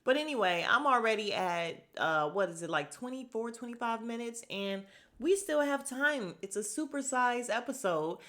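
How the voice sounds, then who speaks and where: A woman hosting a podcast, recapping a reality show in a casual, sassy way with quick mimicked asides. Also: fairly high pitch, expressive, pushed and bright.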